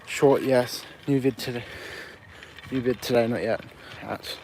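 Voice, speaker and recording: A man's voice: medium pitch, fairly even intonation, measured pace, a little mellow, slight background noise. A man with an Australian accent chatting on a live stream while walking outside at night, reading out and answering viewer comments on a phone mic. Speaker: livestreamer. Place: outdoors on a windy street at night.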